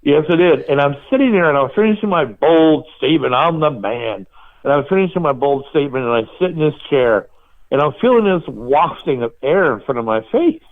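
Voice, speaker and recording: A man hosting a podcast, telling animated stories and laughing at himself in casual chat. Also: a little high, brisk. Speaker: podcast host. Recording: tinny phone-like line.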